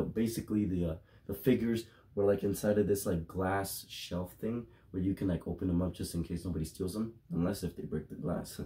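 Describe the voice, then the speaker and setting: Young man, raspy voice, dark tone, profane casual storytelling, rambling. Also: fairly low pitch. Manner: profane, rambling, gets loud and excited. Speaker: toy collector vlogger.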